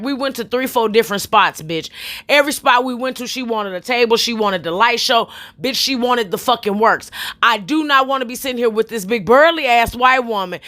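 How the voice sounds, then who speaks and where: A woman comedian telling a comedic storytime in a brash, profane, emphatic way, rising to shouts at the peaks. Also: on the high side.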